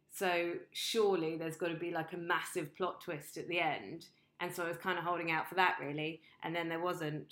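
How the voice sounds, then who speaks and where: A woman's voice: lowish voice, a bit bright. A woman host and coach talking in a casual monologue, blunt and emphatic, swearing freely. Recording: roomy echo.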